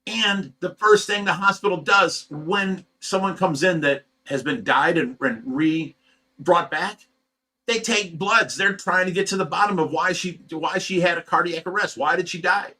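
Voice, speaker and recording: A man's voice: sits high, normal speed, sharp tone. A middle-aged man from Ohio who runs a fish rescue, venting at home in a casual, agitated monologue, stumbling over repeated words. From Ohio, USA.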